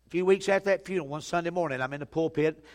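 Storytelling pastor in an echoing hall. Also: male voice, fairly high pitch, rapid-fire. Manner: storytelling, swings from loud urgent to hushed. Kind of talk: sermon. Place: church sanctuary. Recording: long hall reverb.

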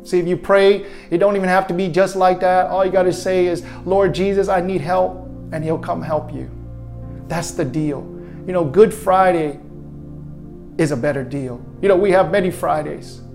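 A man with a notably high voice delivers an earnest, repetitive sermon and leads a spoken prayer. Faint music plays quietly behind him. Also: fairly even intonation, normal speed, creaky. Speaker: preacher. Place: his own online broadcast to viewers at home.

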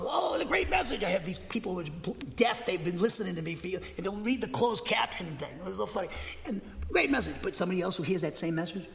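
A man preaching a sermon from a pulpit, emphatic and dogmatic, getting excited and speaking with conviction. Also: high-pitched, creaky. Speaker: pastor. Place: church. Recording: long hall reverb.

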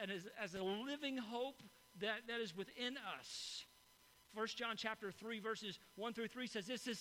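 Bright-voiced man preaching a sermon. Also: sits high, slight background noise, poor audio. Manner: conversational storytelling, frequent "right?" asides. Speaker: pastor. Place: church hall before a congregation.

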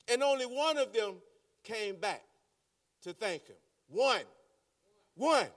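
Male pastor, sermon, repeats phrases, unhurried delivery, distant mic in a church. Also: high-pitched, lively intonation, a bit bright, dry recording, studio quality.

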